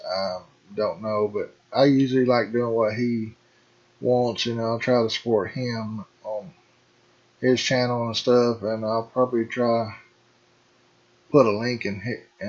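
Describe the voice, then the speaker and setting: A middle-aged man drawls through casual game commentary, speaking slowly in a husky, slightly rough voice. He rambles warmly toward his viewers and calls them folks. The sound is dull and lo-fi, like a cheap home mic. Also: medium pitch, fairly even intonation. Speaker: gaming channel host.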